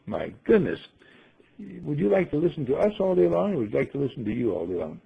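A man's voice: fairly high pitch, very animated, fast, vocal fry, slightly rough, phone-quality sound, heavily acted. A man doing a wise, lofty talking bird. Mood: lecturing. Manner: patient, lecturing.

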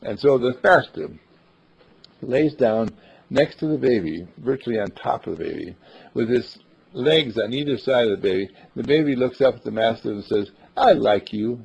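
A man's voice: mid-range voice, animated, moderate pace, creaky, slightly rough. An older man giving a homespun sermon full of stories. He speaks in a folksy, earnest way and hesitates with small fillers. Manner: folksy and earnest, hesitant with uhs, acts out quoted voices. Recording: dull lo-fi recording.

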